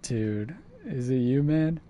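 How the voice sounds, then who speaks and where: Here a man chats and swears his way through a survival game on stream, alternating between easygoing and irritated. His mid-range voice is slow and dark, and a faint hiss or hum sits in the recording.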